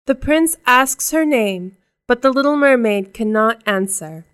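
Slow, clear-voiced woman reading a storybook. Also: on the high side, expressive, fairly bright tone. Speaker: narrator. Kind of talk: storybook read-aloud.

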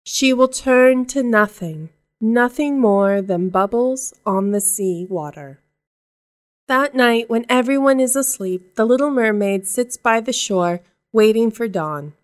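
A woman narrating a storybook aloud in a calm, measured way. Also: a little high, smooth.

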